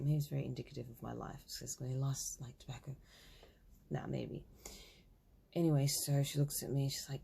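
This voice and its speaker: Thirty-something woman vlogging a story, husky and dark, does the voices of the people in it. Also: extremely low pitch, fairly quick. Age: 30s. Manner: animated, acts out both sides of a conversation. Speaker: spiritual vlogger. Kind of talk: casual storytelling.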